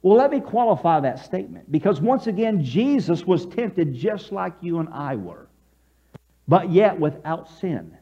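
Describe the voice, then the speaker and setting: High, lively preaching man, muffled recording. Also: measured pace, breathy edge. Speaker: pastor. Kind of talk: sermon.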